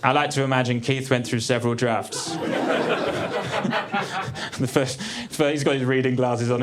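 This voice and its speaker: A man in his thirties doing a stand-up comedy set on a theatre stage, with a dry, deadpan delivery. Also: medium pitch, moderate pace, pauses often, background noise. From England. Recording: live theatre with crowd laughter. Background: audience laughter.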